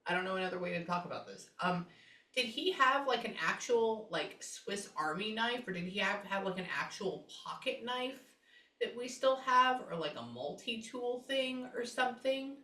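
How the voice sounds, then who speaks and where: A woman working as a psychic medium, talking casually with clients and thinking aloud with frequent pauses and asides. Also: a little high, expressive, sharp tone, distant mic. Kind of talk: casual session talk. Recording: roomy, from off the mic.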